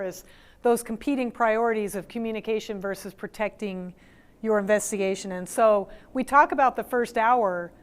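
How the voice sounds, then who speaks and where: A woman speaking at a conference on crisis response, explaining clearly and confidently as she wraps up her session. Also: medium pitch. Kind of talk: closing a conference presentation.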